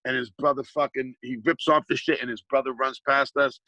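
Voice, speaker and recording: A man's voice: mid-range voice, level tone, a little fast, creaky, sharp tone, dry recording, poor audio. A man telling a long street story in casual chat, swearing freely and restarting his sentences often. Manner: profane, rambling, restarts a lot. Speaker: hip-hop artist guest.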